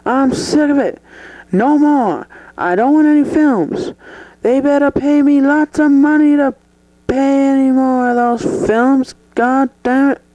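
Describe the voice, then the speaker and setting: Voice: medium pitch, a little slow, darkish tone, no echo, lightly acted, poor audio. A performer playing a crude, irritable male film star who curses, in a mock interview skit. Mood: angry shouting. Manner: cursing and irritable.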